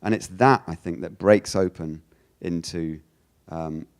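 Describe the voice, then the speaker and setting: A man from the United Kingdom giving a lecture, animated, often restarting his sentences and acting out quoted lines. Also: sits low, a little slow. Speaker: speaker giving a talk.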